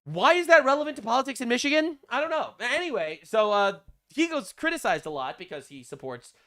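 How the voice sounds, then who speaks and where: Male channel host, high lively voice, bright and sharp, sarcastic mocking commentary. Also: a little fast. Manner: mocking, deadpan sarcasm with frequent fillers.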